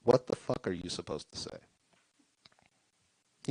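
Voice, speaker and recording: A man performing a stand-up set at a comedy club, delivering deadpan punchlines into a stage mic. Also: mid-range voice, measured pace, long pauses, no room sound, poor audio.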